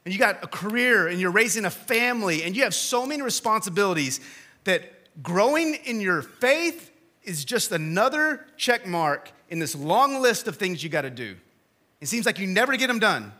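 A man in his thirties preaches with a high, bright voice. His delivery is casual and chatty, swinging from energetic emphasis to quiet, intimate asides. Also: moderate pace. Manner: conversational, swings from loud to hushed. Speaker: pastor. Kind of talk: sermon.

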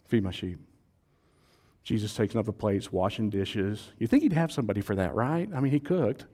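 A male pastor preaching a sermon in a church service, animated and conversational, quizzing his congregation and joking with them. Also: on the low side, a little fast.

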